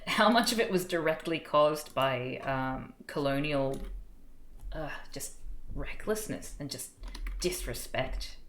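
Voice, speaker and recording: A woman's voice: low voice, slow, echoey room, slight background noise. A young woman chatting casually on a study stream, thinking aloud with lots of fillers. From Australia. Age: young adult.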